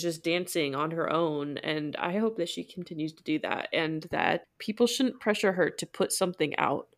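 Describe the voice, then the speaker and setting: A woman talking casually on an astrology podcast, earnest and candid. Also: lowish voice.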